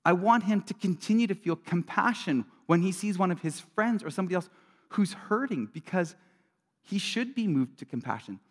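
A middle-aged man gives a sermon in a church sanctuary, his voice sitting slightly high for a man. He preaches earnestly and conversationally, jumping to loud bursts and dropping to near hushes. A long reverb from the big hall trails after his words. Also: animated, normal speed. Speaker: pastor.

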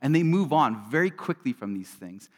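A man's voice: medium pitch, big pitch swings, normal speed. Earnest preaching man in a reverberant hall. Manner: earnest, conversational preaching with sudden loud bursts and quiet drops. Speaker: pastor. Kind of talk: sermon. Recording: long reverb of a large hall.

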